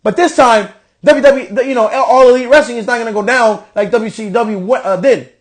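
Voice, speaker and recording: A young man with a strikingly high-pitched voice hosts his own podcast. He rants in frustration and swears constantly while reviewing a wrestling show, sometimes rising almost to shouting. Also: brisk. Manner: frustrated ranting with heavy profanity. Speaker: podcast host.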